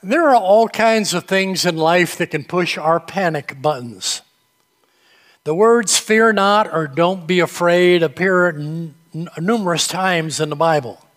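A man preaching a sermon in a church, telling gentle humorous stories in an unhurried way. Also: on the high side, big-room sound. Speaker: pastor. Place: church sanctuary.

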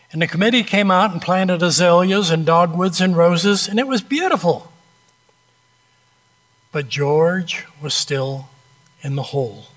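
A man preaching a sermon, telling an illustrative story with dramatic pauses and a conversational, direct manner. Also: high-pitched, a bit bright.

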